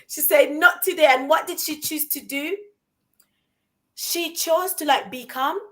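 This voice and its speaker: A woman co-hosting a conversation, telling a story in an animated way and asking rhetorical questions. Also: high-pitched, a little slow. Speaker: co-host.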